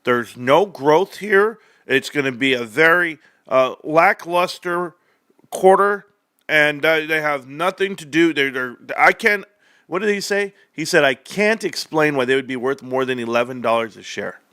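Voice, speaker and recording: A young man hosting a livestream, talking straight to his viewers in an animated, sarcastic rant. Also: a little high, measured pace, clean tone, dry recording, clean studio sound. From California, United States. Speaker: livestream host. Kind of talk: casual stock-talk livestream rant.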